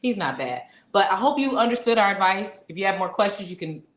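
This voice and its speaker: A woman's voice: medium pitch, animated, fast talker. A woman co-hosting a relationship podcast. She gives encouraging, caring advice and calls listeners "baby". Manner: warm, encouraging advice with affectionate address. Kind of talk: casual chat. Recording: echoey room.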